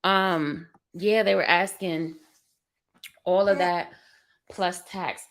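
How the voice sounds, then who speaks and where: A woman's voice: lowish voice, fairly even intonation, takes it slowly. A young woman hosting a livestream from her bedroom, talking candidly and emotionally to her viewers about feeling tired and overwhelmed with a baby. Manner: candid, rambling, emotional venting. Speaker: livestream vlogger. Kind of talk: casual chat to viewers. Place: bedroom at home.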